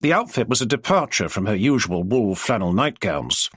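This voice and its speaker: A man narrating an audiobook in an expressive storytelling manner. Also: mid-range voice, normal speed, breathy edge, dry recording, clean studio sound. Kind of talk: scripted narration.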